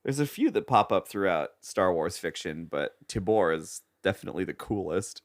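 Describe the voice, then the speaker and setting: A man co-hosting a podcast in casual chat, jumping in with quick, enthusiastic remarks. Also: sits low, expressive, no room sound, studio quality. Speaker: podcast co-host.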